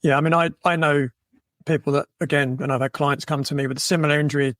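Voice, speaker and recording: A man hosting a podcast, talking in a relaxed way and often affirming his guest. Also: fairly high pitch, fast, dry recording. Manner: relaxed, affirming with frequent yeahs and mms. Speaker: podcast host. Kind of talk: podcast conversation.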